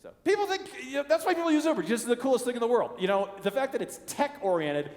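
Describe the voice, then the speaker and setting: Animated stand-up comedian in a big hall. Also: male voice, very high-pitched, fast. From Chicago area. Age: middle-aged. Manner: animated, acts out quoted voices. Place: large conference hall stage. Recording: long reverb of a large hall.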